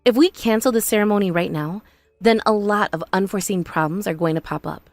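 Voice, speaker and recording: A woman voicing a patient young bride in an animated story, calm, earnest and reasoning. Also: mid-range voice, brisk, no room sound, soft background music, lightly acted.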